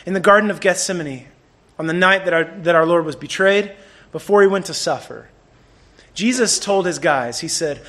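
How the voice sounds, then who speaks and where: Animated high-voiced male preacher. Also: moderate pace. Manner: animated, conversational preaching with swings between loud and hushed. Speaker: pastor. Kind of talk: sermon.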